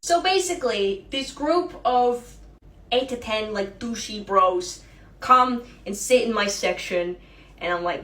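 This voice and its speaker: Brief: woman, comedic anecdote, animated and profane, recorded off-mic in a roomy space. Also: fairly high pitch, unhurried, distant mic. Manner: swearing, animated, mimics voices in anecdotes. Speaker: comedic storyteller. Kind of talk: casual storytelling with lip-sync clips.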